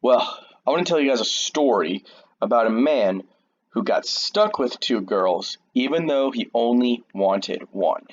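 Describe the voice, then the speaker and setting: A man's voice: medium pitch, lively intonation, a little slow, dull audio. A man casually retelling a Bible story in a slangy, jokey, conversational way to a young audience. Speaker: youth storyteller.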